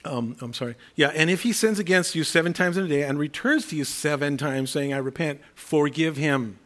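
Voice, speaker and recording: A man with a slightly raised pitch preaching a sermon. He talks in a conversational way, slipping into the voices of imagined people as he explains verses. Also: brisk, fairly bright tone.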